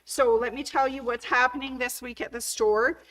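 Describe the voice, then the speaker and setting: A woman's voice: a little high, steady tone, moderate pace, rough recording. Chatty woman hosting a sewing demo. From Canada. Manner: chatty and enthusiastic, gushing over cute things. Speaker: sewing store host. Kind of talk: casual show-and-tell demo.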